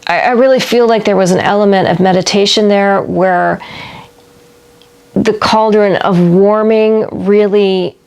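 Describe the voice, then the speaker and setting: A woman's voice: medium pitch, steady tone, a little slow, vocal fry, darkish tone, clear, resonant tone. A woman talking through a book she read in a casual vlog, reflective and meandering, often laughing at herself. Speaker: book reviewer.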